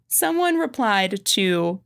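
A woman's voice: medium pitch, a bit bright. A woman co-hosting a casual podcast chat, giggling often and reading quotes aloud with mock drama. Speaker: podcast co-host.

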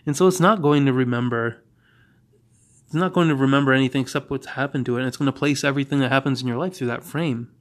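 A man hosting a podcast, telling a story in a monologue and acting out both sides of a conversation with quick restarts. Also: medium pitch. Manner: animated, reenacts dialogue with quick restarts. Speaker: podcast host.

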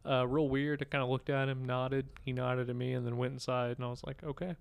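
A man talks in a flat, even tone with a smooth, clear voice. He co-hosts a casual film podcast and rambles through his stories deadpan. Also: medium pitch, brisk. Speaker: podcast co-host. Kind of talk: casual chat.

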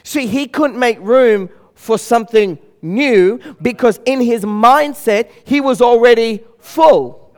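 High-voiced animated man. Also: takes it slowly. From Australia. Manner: animated, acts out the voices of people in his story. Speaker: speaker. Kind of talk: humorous storytelling talk.

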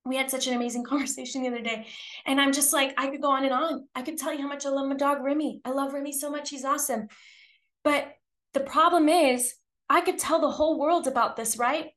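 High-voiced woman preaching in chatty style. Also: steady tone, quick pace, a bit bright. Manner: chatty storytelling, many "like"s, rhetorical questions; earnest exhortation. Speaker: podcast host and traveling preacher. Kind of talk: preaching testimony to women.

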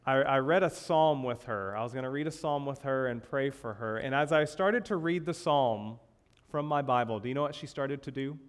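Male pastor, mid-range voice, conversational sermon delivery, emphatic repetition. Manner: conversational, repeats key phrases, rises in pitch for emphasis.

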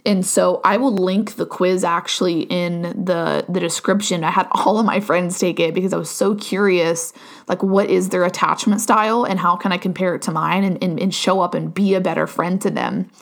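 A woman's voice: lowish voice, steady tone, normal speed, vocal fry. A woman hosting a solo podcast, talking candidly and earnestly with frequent fillers and tag questions. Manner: candid and earnest, frequent "right?" and "um", some swearing. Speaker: podcast host. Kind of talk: casual solo podcast monologue.

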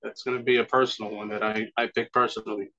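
A man's voice: lowish voice, little pitch movement, fast talker, muffled recording, crowd noise. A man co-hosting a casual podcast, teasing and joking, laughing often and swearing freely. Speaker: podcast co-host.

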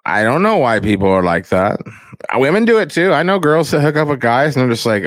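A man's voice: very animated, moderate pace, no room sound. Profane rambling man, dry close sound. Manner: crude, rambling, profane, mimics others in high voices. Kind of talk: casual chat.

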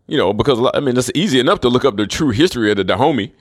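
A man's voice: mid-range voice, animated, very fast, dry recording, studio quality. A man rambling through a profane, scornful monologue, chuckling between remarks.

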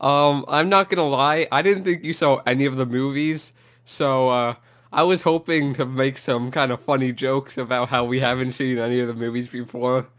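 A man's voice: medium pitch, steady tone, moderate pace, a bit bright. A man co-hosting a casual chat, who stammers and keeps cutting in with skeptical questions. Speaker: co-host.

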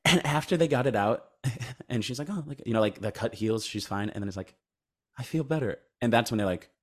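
A man's voice: medium pitch, a little fast, fairly bright tone. A man co-hosting a podcast, rambling through a movie recap in casual chat, swearing freely and mumbling characters' lines. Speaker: podcast co-host.

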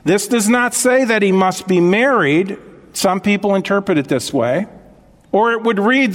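A man's voice: sits high, animated, measured pace, in a large hall. A male pastor preaching a sermon, stressing key phrases, repeating them and checking that listeners follow.

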